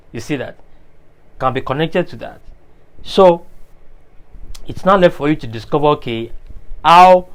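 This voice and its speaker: A man with a slightly high-set voice gives a motivational monologue. He is emphatic and preachy, and he drives each point home by repeating it to the listener. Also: poor audio. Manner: emphatic, repeats key phrases; preachy, talks straight to the listener. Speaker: motivational speaker.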